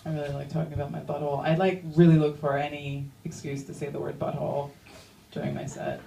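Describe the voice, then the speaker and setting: A woman's voice: deep voice, quick pace, vocal fry, muffled recording. Woman doing stand-up in a roomy club. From Iran. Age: young adult. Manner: animated, crude, quotes people in exaggerated voices. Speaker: stand-up comedian. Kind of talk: stand-up set. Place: comedy club stage. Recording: roomy club sound from a distance.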